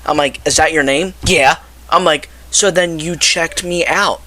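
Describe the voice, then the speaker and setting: A young man with a bright, forceful voice rants casually to his audience. He talks in an animated, exasperated way and acts out what each person said. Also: on the high side, a little slow. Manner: animated, exasperated, quotes people in his telling. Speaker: vlogger. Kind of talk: casual ranting story to camera.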